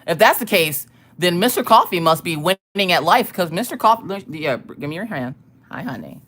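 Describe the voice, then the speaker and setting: Woman streamer, low voice that swings widely, casual, salty storyteller. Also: moderate pace. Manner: animated, profane storytelling with frequent laughter. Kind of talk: casual live-stream chat.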